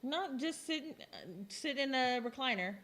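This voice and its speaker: A woman's voice: high voice, normal speed, a bit bright. A woman on a podcast, chatting casually and telling blunt, funny stories. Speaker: podcast co-host. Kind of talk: casual chat.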